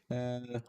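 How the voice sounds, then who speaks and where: A man's voice: mid-range voice, mellow, clean tone. A man streaming casually while practicing a language, talking hesitantly with many fillers and frequent chuckles.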